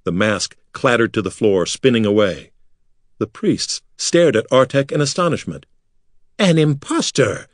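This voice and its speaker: Low-voiced man narrating a storybook. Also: very animated, normal speed, no room sound, clean studio sound. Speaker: audiobook narrator. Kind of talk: scripted narration.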